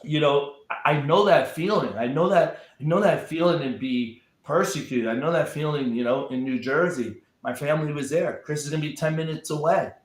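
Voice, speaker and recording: A man's voice: a little high, moderate pace, few pauses, roomy sound. A man talking as a guest in a casual chat, emphatic and often repeating words as he builds up a point.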